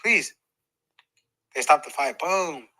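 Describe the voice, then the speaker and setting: A man's voice: medium pitch, moderate pace, a crowd in the background, low-quality recording. A middle-aged man, a professional boxer, telling a story in a podcast interview, acting out moments with sound effects and laughter.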